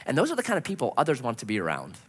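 Male pastor, lively sweeping pitch, bright forceful tone, rhetorical questions, long hall reverb. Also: very fast, husky. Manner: animated preaching, rhetorical questions. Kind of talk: sermon.

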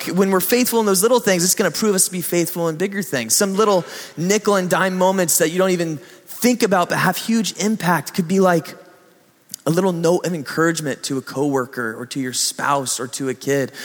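Man preacher, higher voice, lively storyteller, long hall reverb. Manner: animated storytelling, acts out voices. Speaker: pastor. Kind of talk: sermon.

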